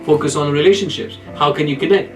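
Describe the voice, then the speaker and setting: A man's voice: a little high, fast talker, over music, rough recording. A man, a neurologist, giving earnest, informal career advice in a video lecture and often restarting his phrases.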